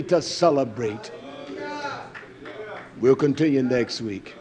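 An older man preaching a sermon, swinging between loud, emphatic declarations and low, muttered asides, with blunt phrasing and rhetorical questions. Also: unhurried.

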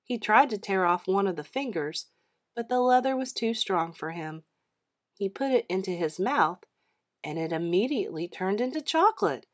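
Read-aloud narrator: woman, lively pitch, expressive, steady storytelling. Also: normal speed.

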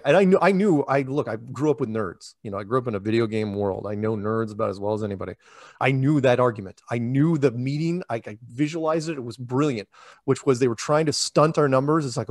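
A man telling stories in an interview, rambling and animated, often acting out conversations and losing his thread. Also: medium pitch, no echo, clean studio sound. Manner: animated, rambling, acts out quoted dialogue. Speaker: interviewee, flat earth public speaker. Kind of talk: casual storytelling interview.

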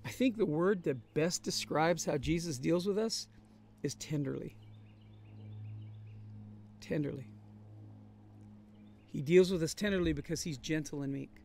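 A man's voice: on the high side, moderate pace, hardly any pauses, a little mellow. Man preaching an earnest Bible study. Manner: earnest, conversational preaching with emphatic repetition. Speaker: pastor. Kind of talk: sermon-style Bible study. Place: traveling, on the road.

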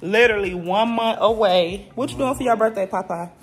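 A woman's voice: mid-range voice, fairly quick, faint music behind. A young woman vlogging casually at home to her viewers, chatty and playful, full of slang. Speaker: vlogger and mother. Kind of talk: casual vlog talk to viewers. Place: home, indoors.

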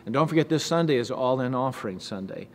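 A male pastor giving a devotional sermon with scripture reading, earnest, measured and encouraging. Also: medium pitch, animated. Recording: echoey hall with faint background noise.

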